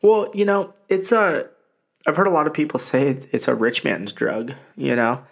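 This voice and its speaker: A young man co-hosting a casual podcast chat, swearing freely and telling stories in an animated way. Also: a little high, moderate pace, creaky. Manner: profane, animated storytelling. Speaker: podcast co-host.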